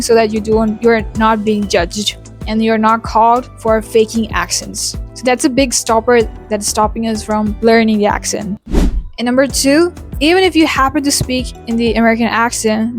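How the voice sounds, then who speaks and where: A woman from India chatting casually in a vlog, explaining accent practice with "you know" asides and tag questions. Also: a little high. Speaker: YouTuber teaching accents.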